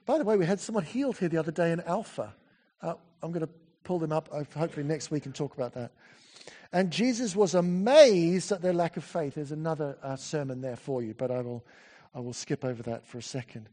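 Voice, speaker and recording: A man preaching a sermon in a church, chatty and animated, full of asides and self-corrections. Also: on the high side, a little fast.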